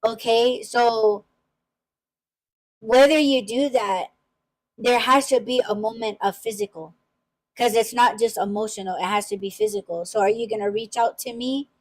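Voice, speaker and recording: Emphatic woman host, higher voice. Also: fairly even intonation, normal speed, rough recording. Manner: emphatic, swearing freely, many repeated restarts. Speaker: podcast host. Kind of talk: casual podcast chat.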